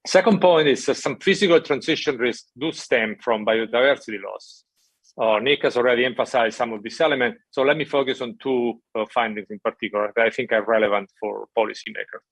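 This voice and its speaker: Man giving a measured policy talk. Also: mid-range voice, no echo. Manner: measured, emphatic, frequent "right?" check-ins. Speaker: conference speaker from an international financial institution. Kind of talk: prepared conference talk.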